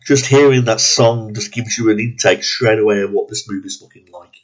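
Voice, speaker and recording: A man's voice: lowish voice, brisk. Profane exasperated man, lo-fi. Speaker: movie reviewer. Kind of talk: ranting movie review. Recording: dull lo-fi recording.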